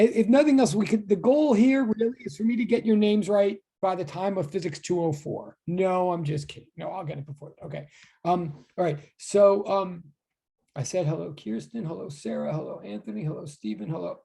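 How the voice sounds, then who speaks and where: A physics instructor greets his students in a casual online class over a video call, chatty, self-deprecating and rambling. He has a high, dark voice with vocal fry and speaks at a moderate pace.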